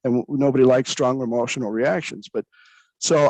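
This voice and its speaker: A man's voice: medium pitch, a little fast, darkish tone, dry recording, poor audio. Man, pastor, candid personal storytelling, earnest, restarts often, dry close sound. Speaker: recovering pastor guest.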